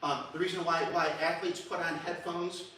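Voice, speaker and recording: Bright-voiced man lecturing in echoey hall. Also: fairly high pitch, normal speed, slight background noise. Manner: animated, many restarts, sings and hums examples. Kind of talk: public lecture. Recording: echoey hall recorded from far.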